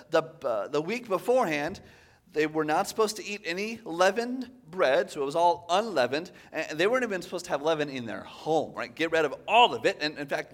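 Male pastor, high-pitched voice, animated conversational sermon delivery. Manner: animated, conversational, frequent "right?" asides.

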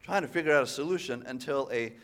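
A man preaching a sermon, animated and conversational, often tossing in "right?" to the congregation. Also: mid-range voice, quick pace.

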